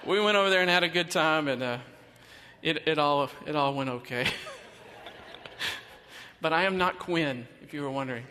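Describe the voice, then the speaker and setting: A man's voice: on the high side, unhurried, pauses often, sharp tone, slight background noise. A man giving a chatty sermon, telling a self-deprecating story before he turns to teaching. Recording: long reverb of a church hall.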